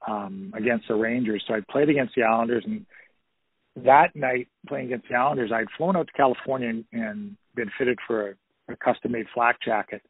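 A man's voice: mid-range voice, a little fast, slightly rough, no echo. A man in his fifties, a former hockey player, telling stories in an interview, rambling with lots of fillers over a phone line. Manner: rambling, many "you know" fillers, anecdotal. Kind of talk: casual storytelling interview.

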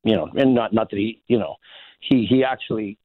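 A man's voice: fairly low pitch, a little fast, breathy edge, no echo. Man telling stories down a phone line. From Saskatchewan, Canada. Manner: rambling, many restarts, chuckles through stories. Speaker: interview guest, former hockey player. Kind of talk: casual anecdotal storytelling. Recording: phone-like narrow band, dry.

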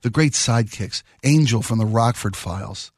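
On a studio microphone, a middle-aged radio host chats casually in a loose, rambling way, piling up half-finished thoughts with real enthusiasm. His mid-range voice is a little mellow with a slightly husky edge, his pace is moderate, and the sound is close and dry with no room sound.

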